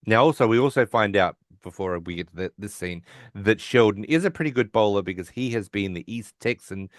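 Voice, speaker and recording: Low-pitched guy on a podcast, dry close sound, retelling episode scenes w lots of ums and "you know"s. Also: animated, a little fast, dry recording. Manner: retells scenes acting out quotes, frequent fillers. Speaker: podcast co-host. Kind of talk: casual recap chat.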